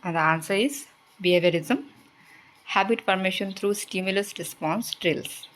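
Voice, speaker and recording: A woman's voice: medium pitch, normal speed, fairly bright tone, rough recording. A woman, teaching exam prep by reading quiz questions and explaining the answers. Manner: reads out questions then explains answers, switching into Hindi asides.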